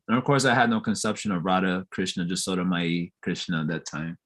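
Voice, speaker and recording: A man's voice: medium pitch, normal speed, bright, forceful tone. A man giving a morning scripture class in a temple. He explains with homely comparisons, keeps checking that listeners follow, and laughs easily while telling stories.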